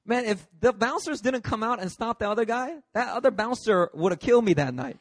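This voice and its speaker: A man, a pastor, preaching a sermon through a lively personal story, acting out the scenes. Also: high-pitched, a little fast, hardly any pauses, no room sound. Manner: lively, acts out scenes with shifting voices.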